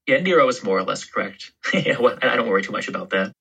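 A man's voice: medium pitch, expressive, fast, creaky, a bit bright, breathy edge. A man being interviewed as a guest historian, talking casually and hesitantly, with fillers and restarts.

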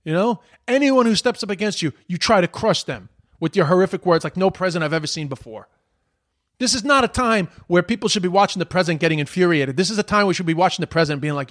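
A man's voice: high voice, lively intonation, quick pace, a bit bright. A man, ranting about politics in a heated, exasperated, profane way. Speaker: commentator. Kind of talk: political opinion rant.

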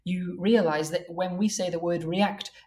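Lower-voiced woman explaining verse translation. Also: steady tone, darkish tone. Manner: careful and explanatory, reads verse lines slowly and deliberately. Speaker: translator of Old Norse verse. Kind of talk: explanatory academic conversation.

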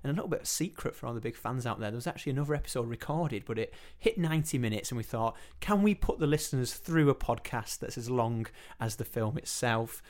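A man's voice: mid-range voice, expressive, fast talker, few pauses, a little mellow. A man with a British accent hosting a film podcast, chatting casually and joking around. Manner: jokey, playful, self-mocking. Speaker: podcast host. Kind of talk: casual chat.

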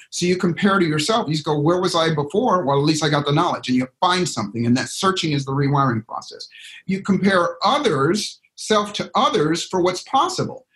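A man coaching a group on a call, emphatic and lively, acting out the anxious voice in people's heads. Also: a little high. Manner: emphatic, acts out inner voices, spells words out. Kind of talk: motivational coaching talk. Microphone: call audio.

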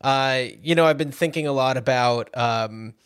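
A man's voice: medium pitch, normal speed, clear, resonant tone. A man co-hosting a casual movie-chat podcast in an easygoing way, often filling gaps with "you know.". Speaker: podcast co-host.

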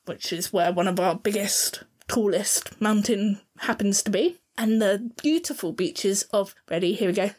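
A woman's voice: medium pitch, darkish tone. A woman with a Southern English accent co-hosting a podcast, chatting casually and laughing at her own attempts to pronounce place names. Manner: chatty and self-deprecating, apologises for her pronunciation. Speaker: podcast co-host.

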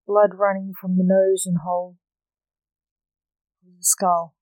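A snappy, sarcastic grown son who brushes everything off with an eye-roll attitude, as a reader puts him on. The delivery is slow and dry, with a middle-pitched voice close to the mic. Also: flat delivery, darkish tone, dry recording, natural voice, poor audio. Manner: snappy, dismissive. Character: snappy, sarcastic adult male son, necromancer.

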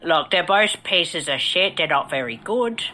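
A woman's voice: on the low side, lively intonation, unhurried, pushed and bright. A woman doing an impression of a blunt, swearing British film actor. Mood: blunt grumbling.

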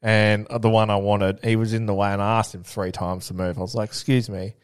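A man's voice: fairly low pitch, little pitch movement, a little fast, clean tone, no room sound, studio quality. A man co-hosting a podcast in laid-back casual chat, swearing and laughing easily. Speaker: podcast co-host.

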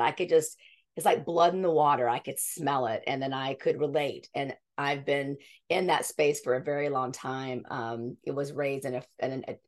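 Low-voiced woman in her fifties. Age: 50s. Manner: earnest, rambling, with frequent restarts. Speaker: podcast guest. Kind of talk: conversational interview storytelling.

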